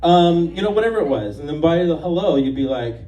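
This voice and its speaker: Chatty, self-mocking male comic in his fifties, mellow and a bit high, heard from afar in an echoey bar. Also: expressive, fairly quick, distant mic. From Los Angeles area, USA. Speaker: stand-up comedian. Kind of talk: live stand-up set. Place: stage of a bar. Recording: echoey bar room from afar, faint noise.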